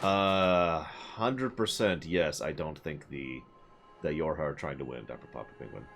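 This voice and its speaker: A man's voice: very deep voice, a little slow. A man casually commenting on his game for his stream viewers, rambling and sarcastic, and sometimes laughing. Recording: music playing behind.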